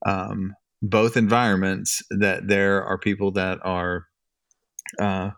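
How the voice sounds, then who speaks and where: A man's voice: low voice, little pitch movement, takes it slowly, gravelly, a bit bright, dry recording. A middle-aged man co-hosting a podcast about church leadership, thoughtful and searching for his words. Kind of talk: casual podcast discussion.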